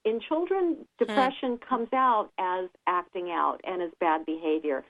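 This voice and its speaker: A woman giving calm, patient advice on children's feelings in a radio interview, sometimes acting out a child's words. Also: moderate pace. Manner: calm, explanatory, acts out children's lines in a higher voice. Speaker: guest expert on child behavior. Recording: tinny phone line.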